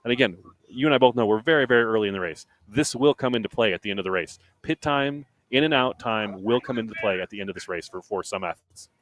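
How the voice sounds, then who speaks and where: A man's voice: lowish voice, quick pace, a bit bright, no room sound. A man commentating live on an obstacle race, emphatic and chatty, repeating his points. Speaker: race commentator and podcast host.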